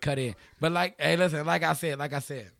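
Rowdy joking Chicago radio host. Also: male voice, a little high, brisk, vocal fry, fairly bright tone, faint music behind. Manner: rowdy, joking, slangy, talks over friends. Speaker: community radio show host. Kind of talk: loose call-in radio banter. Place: small radio studio.

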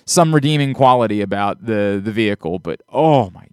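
A man's voice: lowish voice, animated, moderate pace, smooth, no echo, studio quality. A man hosting a podcast in casual chat, rambling and exasperated, often restarting his sentences. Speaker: podcast host.

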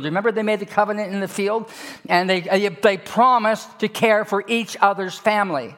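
Male pastor, high voice, animated storyteller, shifts between loud and hushed. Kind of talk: sermon.

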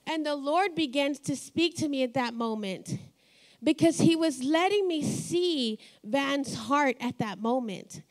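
A middle-aged woman delivers a sermon in a high voice, telling personal stories in an easy, conversational way. She laughs often between her lines. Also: lively intonation, a little slow. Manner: warm storytelling, laughs often. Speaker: pastor.

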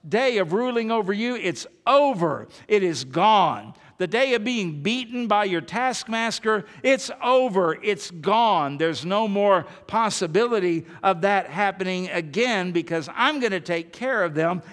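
A man's voice: sits high, a bit bright. A man preaching a sermon as pastor, earnest and emphatic, repeating phrases to drive his point home. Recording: long reverb of a large hall.

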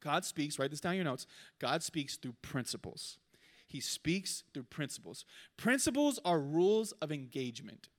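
A man preaching a sermon, telling a funny story with animated delivery before he turns to the lesson. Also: on the high side, moderate pace. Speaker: pastor.

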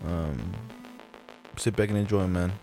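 A man hosting a podcast, trading relaxed, teasing, slangy banter with his co-host. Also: deep voice, unhurried, soft background music. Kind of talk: casual chat.

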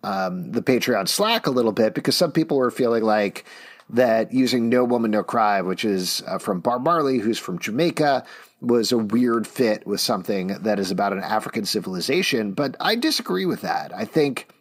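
Excited man talking movie trailers. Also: lowish voice. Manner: enthusiastic, quick, animated asides. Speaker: podcast host. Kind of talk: casual pop-culture chat.

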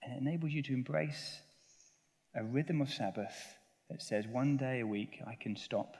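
This pastor preaches a sermon at normal speed in a mid-range voice, reading scripture earnestly and praying with his listeners. His delivery swells on the scripture and drops soft at the close, all under long church reverb.

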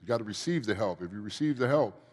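A man's voice: on the low side, animated, quick pace, a little mellow. A man in recovery giving earnest, preachy testimony in a church Q&A, often repeating phrases. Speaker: guest speaker in recovery. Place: church event hall. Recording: long reverb of a large hall.

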